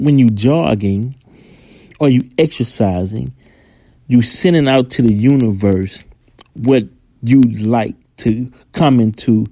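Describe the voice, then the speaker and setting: A man hosts a podcast alone, ranting in a heated, profane commentary. His voice is mellow and dark, recorded dry and close with no room sound. He often acts out the people he talks about. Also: medium pitch, no room sound. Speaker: podcast host. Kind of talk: angry commentary monologue.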